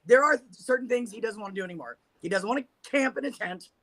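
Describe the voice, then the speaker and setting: A woman guest with a bright, clear voice on a casual talk show. She tells her own stories candidly, laughing at herself and swearing now and then. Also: a little high, lively intonation, fast talker. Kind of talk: casual chat.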